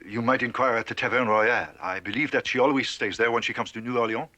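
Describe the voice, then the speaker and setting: An actor playing a polite shopkeeper, in a 1960s TV western. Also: male voice, medium pitch, quick pace, sharp tone, lightly acted. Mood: courteous. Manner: courteous, formal phrasing. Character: polite French shopkeeper in New Orleans.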